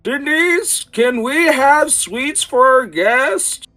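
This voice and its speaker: A man doing a shrill old innkeeper woman. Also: expressive, very slow, bright, forceful tone, soft background music, heavily acted. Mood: flustered. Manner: shrill, flustered. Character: fussy old female innkeeper.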